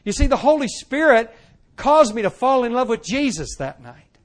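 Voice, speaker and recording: High-voiced preacher telling his testimony. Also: moderate pace. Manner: animated storytelling, swings from loud to hushed; acts out quoted lines. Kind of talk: sermon testimony.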